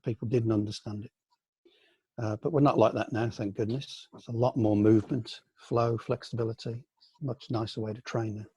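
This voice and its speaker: This older man from the UK speaks with a warm, slightly husky voice over a close, dry video-call line. He reflects at an easy pace, hesitating with ums and restarting phrases as he remembers. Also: fairly low pitch, steady tone, normal speed, dry recording. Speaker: senior aikido teacher answering questions. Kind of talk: casual online Q&A.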